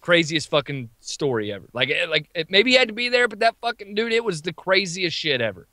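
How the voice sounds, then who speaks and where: A man co-hosting a podcast, telling a wild story in an animated, profane, quick-talking way. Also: sits high, no room sound, studio quality. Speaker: podcast co-host. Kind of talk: casual storytelling.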